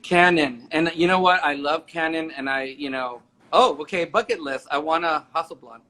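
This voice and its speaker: Forties guy gushing in an interview, bright tense voice, kinda high, keeps restarting sentences. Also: moderate pace. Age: 40s. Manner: enthusiastic, rambling with many restarts. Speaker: interview guest, makeup artist and photographer. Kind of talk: casual interview chat.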